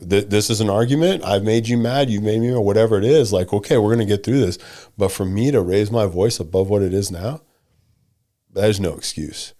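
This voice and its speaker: Brief: man, low pitch, emphatic co-host, blunt repeated commands, casual. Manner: softens and slows when speaking to his wife. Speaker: podcast co-host. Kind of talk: casual chat.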